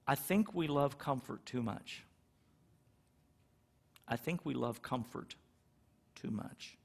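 High-voiced middle-aged pastor preaching. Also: male voice. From California. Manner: conversational, acts out little quoted exchanges. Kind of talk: sermon.

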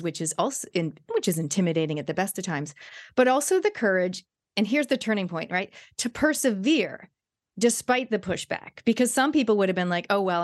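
Enthusiastic female podcast host speaking to her listeners. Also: lowish voice. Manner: enthusiastic, summarizing, addresses listeners. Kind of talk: casual interview chat.

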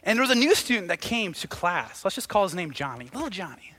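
A young man preaching a sermon in an animated, joking storytelling style with lots of asides. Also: sits high, quick pace.

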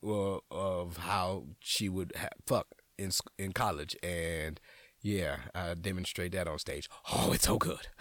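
A man's voice: low voice, a bit bright, no room sound. A man from New Orleans with a local accent, talking casually and profanely on his podcast, rambling with lots of restarts. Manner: rambling, profane, stop-start with many restarts. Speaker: comedian and podcast host. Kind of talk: casual solo podcast talk.

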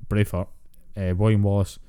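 A Scottish man co-hosting a podcast in casual chat, blunt, sweary and quick to laugh. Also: on the low side, little pitch movement, mellow, clean tone. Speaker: podcast co-host.

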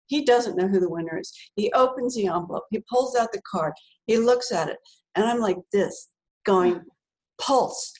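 A middle-aged woman telling a personal story in a relaxed, chatty way, with lots of fillers, restarts and laughs. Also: medium pitch, moderate pace, low-quality recording. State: tearful while remembering. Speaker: author, interview guest. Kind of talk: casual storytelling.

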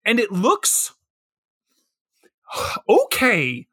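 A man co-hosting a casual movie review podcast, animated and mocking, slipping into goofy impressions. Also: high voice, very slow, breathy edge, dry recording, clean studio sound. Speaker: podcast co-host.

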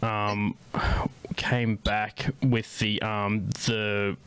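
A man's voice: fairly low pitch, flat delivery, extremely slow, fairly bright tone, clean tone. An Australian man, a comedian hosting a podcast, chatting casually with lots of ums and restarts. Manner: rambling, with many ums and restarts. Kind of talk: casual interview chat.

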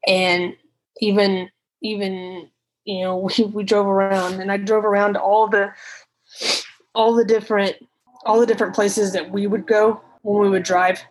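Woman recounting a painful night, halting. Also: mid-range voice, little pitch movement, low-quality recording. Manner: halting, emotional, with restarts and swearing; retells conversations in quoted speech. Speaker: guest telling a personal story. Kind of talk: unscripted personal account.

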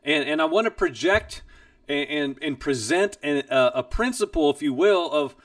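A man's voice: a little high, lively intonation, normal speed, dry recording, clean studio sound. A man hosting a Bible teaching program, sharing a personal testimony in an earnest, emphatic way, recorded a little distant from the mic.

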